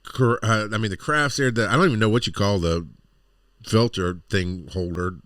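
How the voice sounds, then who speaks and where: A man's voice: fairly low pitch, steady tone, normal speed, a bit bright, dry recording, clean studio sound. A middle-aged man co-hosting a podcast, chatting casually and telling rambling, exasperated stories. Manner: rambling storyteller, exasperated asides. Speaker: podcast co-host. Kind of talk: casual chat.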